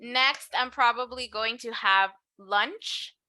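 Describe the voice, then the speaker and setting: A woman's voice: on the high side, slow pace, crowd noise. A woman teaching an English class, explaining patiently and switching to Spanish to clarify. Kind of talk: online English lesson.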